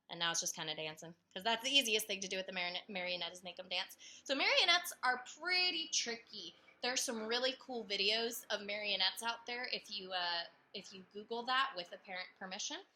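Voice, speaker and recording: Woman, teacher, classroom video lesson, upbeat, chatty, very bright tone. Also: mid-range voice. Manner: upbeat, chatty, explains step by step.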